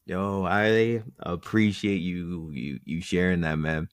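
A young man hosting a conversational interview, attentive, with soft backchannels. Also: low-pitched, slow pace, no echo. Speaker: interview host.

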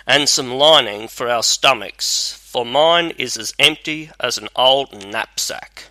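A man's voice: mid-range voice, takes it slowly, bright, forceful tone, no echo, poor audio. A man voicing a bold, hungry soldier with a hearty, plainspoken manner in a storybook reading. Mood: steady. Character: hungry bold male soldier, fearless and blunt.

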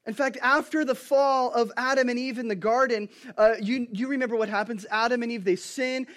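Preacher, male, 30s, high-pitched, energetic sermon delivery with big dynamic swings. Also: a little fast. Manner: animated storytelling, swings from hushed to loud. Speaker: pastor.

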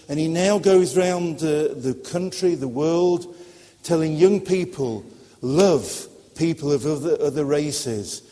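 A man delivers a sermon to young people, earnest and a little halting as he searches for words. His voice is mellow and warm, and a long echo of a hall trails after it. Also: fairly high pitch. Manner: earnest, hesitant with fillers. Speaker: preacher. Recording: echoey hall.

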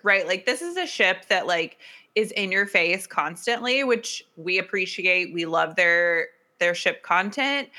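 A woman's voice: medium pitch, pushed and bright. A woman co-hosting a casual chat show, agreeing often and enthusing about a series. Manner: agreeable, frequent short affirmations, enthusiastic. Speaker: podcast co-host.

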